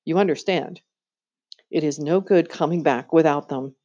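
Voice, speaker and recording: A woman's voice: low voice, moderate pace, mellow, highs cut off. A woman voicing a cold, scheming queen who coaxes a boy with sweet, commanding persuasion, in a storybook reading. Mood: coaxing.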